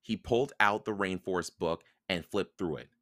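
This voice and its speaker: A man reading a children's chapter book aloud for a podcast, in calm, even storytelling narration. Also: low-pitched, moderate pace, no room sound, studio quality. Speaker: podcast reader.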